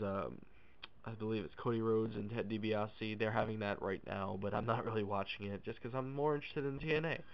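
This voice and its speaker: A man's voice: fairly low pitch, clear, resonant tone. A man with a nasal, stuffy voice from a cold, giving casual, offhand opinions in a vlog with many hesitations. The recording sounds dull and lo-fi. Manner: offhand and dismissive, many uhs. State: has a cold. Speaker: wrestling fan vlogger.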